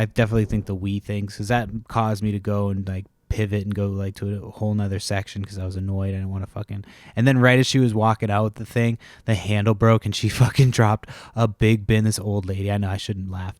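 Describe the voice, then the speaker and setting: A man's voice: on the low side, darkish tone, no room sound, clean studio sound. A man hosting a podcast, telling a rambling story full of swearing, restarts and asides. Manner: profane, rambling, self-interrupting storyteller. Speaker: podcast host. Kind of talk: casual rambling monologue.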